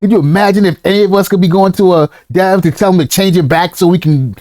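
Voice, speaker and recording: A man with a high voice riffs on clips in casual reaction commentary. He is animated and slangy, calls his viewers y'all, and keeps breaking into laughter. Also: fast. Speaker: crypto commentator.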